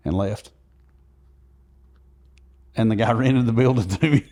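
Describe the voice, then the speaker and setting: Low, mellow male guest telling a long story earnestly. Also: measured pace, a little hiss or hum. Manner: earnest, recounting events at length. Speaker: podcast guest. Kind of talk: conversational storytelling.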